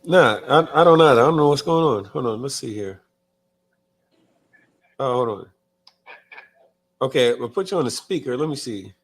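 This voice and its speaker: A man's voice: mid-range voice, lively intonation, normal speed, long pauses, slightly rough. A man hosting a live talk show in casual chat, reading viewer comments aloud and often stumbling and restarting his words. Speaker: podcast host.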